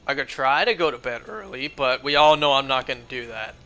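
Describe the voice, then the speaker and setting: While shiny hunting live, a man rambles casually to his viewers, his talk loaded with fillers and repeated "like"s. He speaks in a mid-range, pushed and bright voice at a fairly quick pace.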